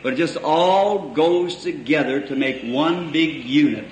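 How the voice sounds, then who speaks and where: A man's voice: on the high side, a little slow. A man preaching a sermon in a folksy, storytelling way, drawing out phrases for emphasis and chuckling between lines. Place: church hall before a congregation. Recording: echoey old hall recording with faint hiss.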